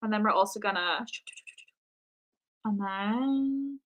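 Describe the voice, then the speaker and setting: A woman's voice: mid-range voice, takes it slowly, narrow, tinny audio. A young American woman chatting casually on a drawing live stream, rambling and self-mocking, with lots of ums and trailing thoughts. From United States. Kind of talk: casual chat while drawing.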